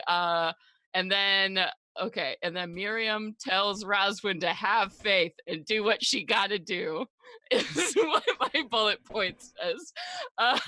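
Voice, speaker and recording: A woman's voice: medium pitch, pushed and bright, no echo, poor audio. A woman casually recapping the last session of a tabletop game as a player, rambling and giggly, full of "like" and "uh".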